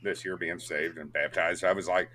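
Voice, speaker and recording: A man chatting casually on a podcast, dropping quick quips and odd trivia. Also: deep voice, steady tone, pushed and bright, slight background noise. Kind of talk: casual chat.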